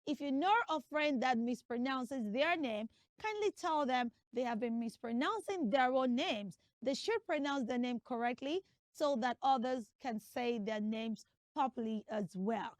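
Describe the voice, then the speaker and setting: Playing a comic pronunciation teacher in a classroom skit, a woman emphatically drills her students and spells names letter by letter. Her high voice carries lively intonation at a measured pace, and the recording is clean studio audio without echo.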